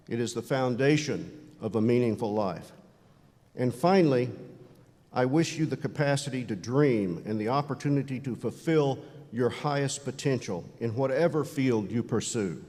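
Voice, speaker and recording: A man's voice: medium pitch, darkish tone. A man giving a commencement address to graduates in an earnest, uplifting tone with emphatic repetition. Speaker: commencement speaker. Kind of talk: formal speech. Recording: long hall reverb.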